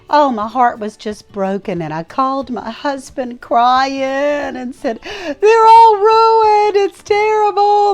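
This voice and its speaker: Folksy woman telling a story. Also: fairly high pitch. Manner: emotional, folksy, talks to viewers directly. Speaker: homestead vlogger. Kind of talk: casual storytelling to camera. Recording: faint music behind.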